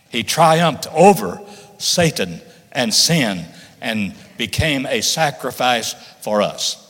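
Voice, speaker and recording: A man's voice: medium pitch, a bit bright. A man preaching a sermon, reading scripture aloud and stressing key words with rising emphasis. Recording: long reverb of a large hall.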